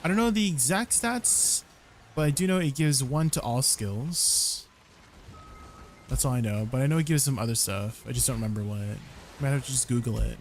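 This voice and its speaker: A man's voice: mid-range voice, lively intonation, normal speed, slight background noise. A man chatting casually while streaming a game, laughing often and trying out foreign words. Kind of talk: casual game livestream chat.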